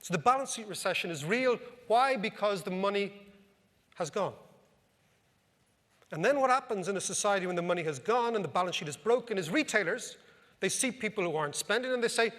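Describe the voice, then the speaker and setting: A man's voice: high voice, lively intonation, normal speed, fairly bright tone. An Irish man, an economic commentator, telling wry anecdotes in a humorous talk to a live audience. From Ireland. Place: club function room. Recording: reverberant hall.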